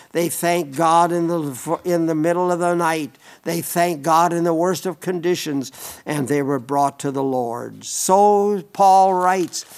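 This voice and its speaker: An older man delivering a sermon, earnest and folksy, often breaking off and restarting his sentences. His voice sits a little higher than most men's. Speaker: preacher.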